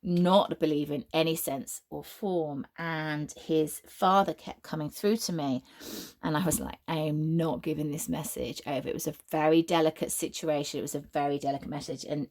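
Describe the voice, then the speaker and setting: A woman's voice: deep voice, fairly even intonation, measured pace. A British woman reading tarot cards as a medium, talking in a rambling, free-flowing way with frequent restarts and tangents. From United Kingdom.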